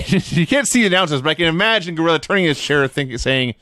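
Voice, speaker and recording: A man with a fairly high, lively voice tells stories in a casual chat and laughs often between lines. He sounds close to the mic, in a dry room. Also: fast, no echo. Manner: laughing storyteller, acting out quotes. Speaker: podcast co-host.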